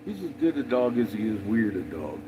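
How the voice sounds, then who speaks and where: A man's voice: on the low side, sing-song, a little fast, noisy background. A man chatting casually on a road-trip vlog, laid-back, swearing freely and laughing often. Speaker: vlogger traveling with dogs. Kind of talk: casual chat.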